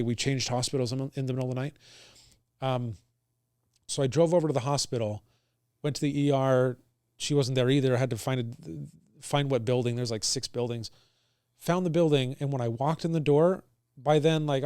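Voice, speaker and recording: A man's voice: mid-range voice, darkish tone, smooth, no echo, studio quality. Earnest man retelling a hard morning. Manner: earnest, halting, with many restarts. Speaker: guest sharing his story. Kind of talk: casual conversation.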